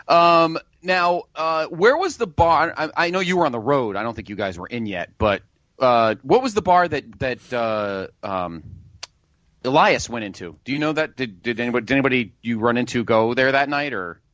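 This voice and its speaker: A man's voice: mid-range voice, big pitch swings, normal speed, fairly bright tone, no echo, lo-fi sound. A man co-hosting a podcast in casual chat, asking curious questions. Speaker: podcast co-host.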